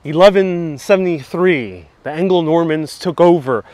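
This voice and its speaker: With a fairly high, darkish voice at a moderate pace, a man casually chats through a live travel stream as he walks town streets outdoors. He jokes around while responding to viewers. The sound from his wireless clip-on mic is dry.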